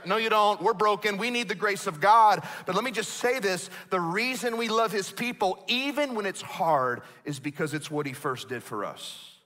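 A man's voice: high-pitched, lively intonation, normal speed, hardly any pauses, pushed and bright. A man pastor delivering a sermon, emphatic and conversational, with asides to the congregation. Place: church auditorium.

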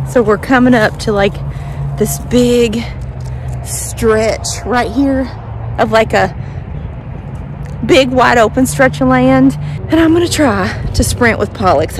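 A chatty woman with a somewhat high voice talks while she walks her dogs down a neighborhood street. Steady outdoor noise runs behind her on the handheld recording. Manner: chatty, praises dogs in a sing-song voice. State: a bit out of breath after sprinting. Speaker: vlogger walking her dogs. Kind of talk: casual chat while walking.

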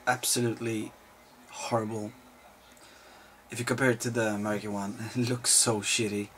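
Sleep-deprived and tired, a man fields viewer questions as a video host, chatting casually with plenty of swearing, rambling and jokes. The voice sits on the low side, level in tone, a bit bright, at normal speed, with slight noise in the background.

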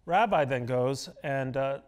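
A man's voice: medium pitch, unhurried, clean tone. A middle-aged man, a guest columnist in an onstage interview, talking in an emphatic, argumentative way and telling stories with relish. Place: auditorium stage before an audience.

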